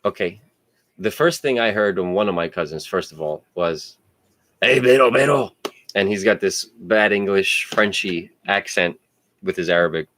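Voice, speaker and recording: A man casually telling personal stories in an animated, digressive way, swearing freely. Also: low voice, normal speed. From United States. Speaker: podcast host.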